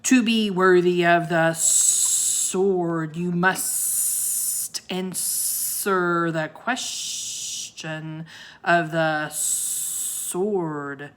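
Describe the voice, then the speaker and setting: A woman voicing an ancient giant sea serpent, speaking very slowly in a solemn, booming way. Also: steady tone. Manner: very slow, drawn-out, booming delivery.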